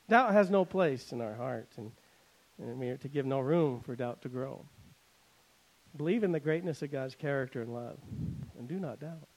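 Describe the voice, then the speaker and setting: Animated man preaching a sermon. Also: mid-range voice, moderate pace, poor audio. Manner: animated preaching, dramatic swings between loud emphasis and quiet asides; paraphrases scripture in a conversational, wry tone. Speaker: pastor.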